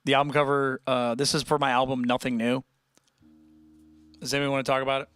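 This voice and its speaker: A young man chatting casually with viewers on his livestream, rambling and animated, with many restarts and fillers. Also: mid-range voice, quick pace, clean tone, soft background music. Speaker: musician hosting a livestream chat.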